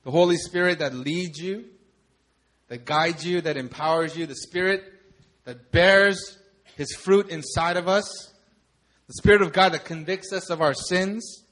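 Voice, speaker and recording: A man preaching a sermon, building emphatic repeated phrases up to loud declarations. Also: a little high, measured pace.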